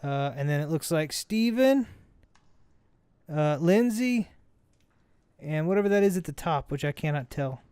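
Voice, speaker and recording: Rambling, slightly high-voiced man gaming. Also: expressive, unhurried, long pauses, darkish tone, clear, resonant tone, dry recording. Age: adult parent. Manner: rambling, self-correcting, chatty. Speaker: let's play host. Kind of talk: casual gameplay commentary.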